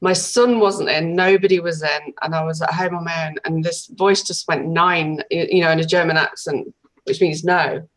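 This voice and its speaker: A woman in a casual spiritual conversation, giving short affirmations and telling stories briskly. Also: fairly low pitch, fairly even intonation.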